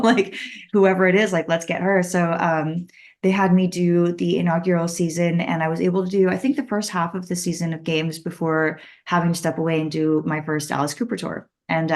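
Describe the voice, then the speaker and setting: A woman guitarist answering interview questions in a relaxed, chatty way. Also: fairly low pitch.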